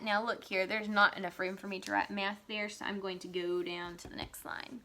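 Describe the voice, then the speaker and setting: A woman teaching young children a writing lesson, speaking slowly and clearly and reading example sentences aloud with a lively, excited voice. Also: mid-range voice.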